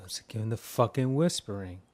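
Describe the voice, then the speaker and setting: A man's voice: on the low side, lively intonation, fairly quick, a little mellow. A man giving casual film commentary, riffing with heavy profanity and mimicking sound effects.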